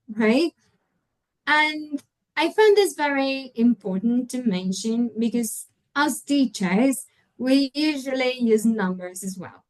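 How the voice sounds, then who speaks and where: A woman whose first language is Spanish teaches pronunciation in a webinar, speaking slowly and with care. Her voice sits fairly high. She models example words one by one and keeps checking in with the listener. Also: poor audio. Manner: patient explaining, models example words aloud, frequent tag questions. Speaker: English teacher trainer. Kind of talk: webinar lecture.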